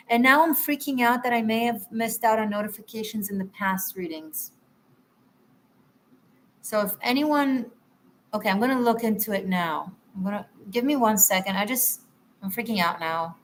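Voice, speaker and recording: A woman's voice: mid-range voice, normal speed. Chatty, apologetic woman tarot reader. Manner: chatty and apologetic, addresses viewers warmly. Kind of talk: live-stream tarot reading with chat.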